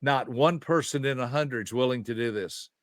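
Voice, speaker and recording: A man's voice: medium pitch, moderate pace, no room sound, studio quality. A man in his seventies, a behavior specialist explaining ideas in an emphatic, teaching way and asking rhetorical questions. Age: 70s. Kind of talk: conversational teaching.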